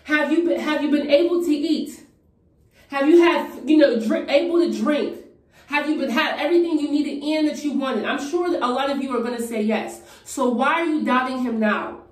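A woman's voice: sits high, normal speed. A woman preaching fervently in a conversational way, encouraging her viewers in a get-ready-with-me video. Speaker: Christian vlogger. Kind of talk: preaching while getting ready. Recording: echoey room from a distance.

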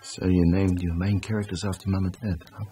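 Older actor as a worried grandfather, deep and dark, quick flat delivery, quiet probing tone. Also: slight background noise, lightly acted. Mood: concerned. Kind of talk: gentle drama dialogue.

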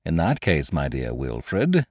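A man's voice: rumbling low, huge pitch swings, takes it slowly, dry recording, full character voice. A man voicing a mocking aristocratic colonel who talks airily and carelessly, with cruel good humor. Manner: airy, careless, laughing.

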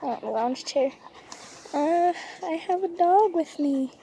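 High-voiced, hesitant woman vlogger. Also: expressive, slow, mellow, slight background noise. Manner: hesitant, rambling, pleading. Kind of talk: casual rambling vlog. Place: outdoors on a lounge chair.

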